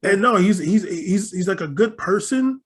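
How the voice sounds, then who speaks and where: A high-voiced young man tells stories on a casual podcast. He sounds excitable and often repeats a word or two before his sentence gets going. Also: normal speed. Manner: storytelling, excitable, repeats words when starting a sentence. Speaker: podcast co-host. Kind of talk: casual chat.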